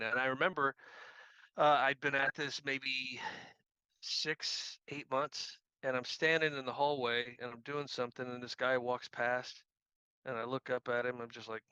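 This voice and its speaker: Bright-voiced man telling a story. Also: mid-range voice, fairly even intonation, normal speed, clean tone, no echo, muffled recording. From Missouri. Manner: anecdotal, self-deprecating, repeats phrases. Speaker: guest, activist trainer. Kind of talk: casual storytelling.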